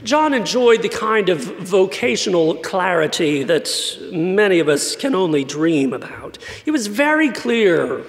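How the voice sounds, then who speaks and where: A man's voice: sits high, very animated, unhurried, hardly any pauses. A man from San Antonio preaching a sermon in a wry, conversational way. His light voice is often mistaken for British. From San Antonio, Texas. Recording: long church reverb.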